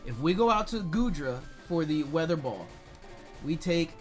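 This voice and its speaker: A man commentating his video game run, swearing, swinging between yelling and muttering calculations, his voice strained from shouting. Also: on the high side, animated, normal speed, faint music behind. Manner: swears a lot. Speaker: gaming YouTuber. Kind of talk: let's play commentary.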